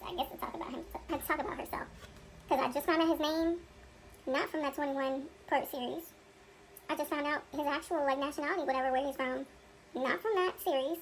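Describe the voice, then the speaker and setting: A woman reads viewer comments aloud and adds chatty asides, laughing often. Her voice sits high and has a gravelly, fry-laden edge. Faint noise hums behind her. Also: rough recording. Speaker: reaction video co-host. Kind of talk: casual commentary, reading out comments.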